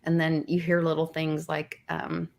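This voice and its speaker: A woman with a notably deep voice for her sex chats casually as a co-host. She fills pauses with ums and chimes in with quick yeahs. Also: completely flat delivery, gravelly, a little hiss or hum. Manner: chatty, many ums, quick back-channel agreement. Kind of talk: casual chat.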